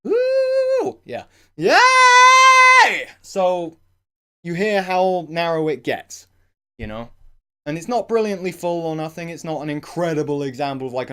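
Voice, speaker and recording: A man's voice: a little high, animated, brisk, smooth. A man casually explaining singing technique in a rambling, conversational way, full of "you know" fillers and short sung demonstrations. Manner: breaks into short sung and shouted vocal demos. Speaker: singing vlogger.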